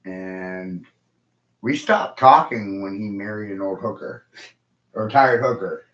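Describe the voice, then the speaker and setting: A man's voice: on the low side, measured pace, a bit bright. A man ranting profanely and heatedly in a casual podcast chat. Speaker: podcast host. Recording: echoey, dull lo-fi room.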